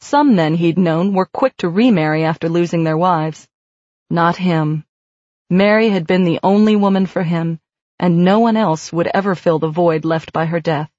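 A woman narrating a novel in an audiobook, in a measured, even storytelling manner. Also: lowish voice, no echo. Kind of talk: scripted narration. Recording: dry, slightly muffled lo-fi recording.

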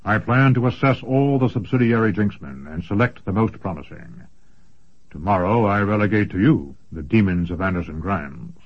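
A man voicing a massive, gruff old male sorcerer who speaks in a rumbling, lecturing way. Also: lively intonation, moderate pace. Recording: dull lo-fi recording.

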